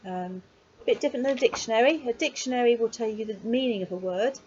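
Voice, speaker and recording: A woman giving a casual video lesson on writing poetry, chatty and encouraging, with frequent pauses and digressions. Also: fairly high pitch, a little mellow. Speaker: poetry workshop teacher. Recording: slightly dull lo-fi sound with faint noise.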